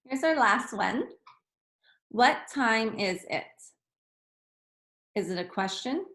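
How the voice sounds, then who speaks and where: A woman's voice: on the high side, expressive, takes it slowly, fairly bright tone. A woman teaching young children a lesson, patient and encouraging. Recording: echoey room.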